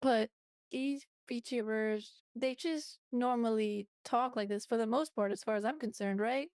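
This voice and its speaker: A woman chatting casually on a reaction stream, her voice pitched up a little by a voice modifier. The sound is dry and close. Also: unhurried, a little mellow, clear, resonant tone, no echo. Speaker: VTuber co-host.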